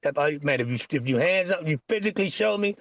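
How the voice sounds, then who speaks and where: A man's voice: on the high side, lively intonation, fast talker, a bit bright, no echo, lo-fi sound. A middle-aged man talking casually, stammering and rambling with frustration. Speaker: podcast guest. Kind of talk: casual chat.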